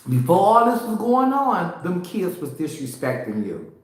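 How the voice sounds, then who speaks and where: A woman's voice: on the low side, wildly swooping pitch, moderate pace. A woman co-hosting a casual live family chat, complaining heatedly and talking over her partner. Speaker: show co-host. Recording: very echoey room.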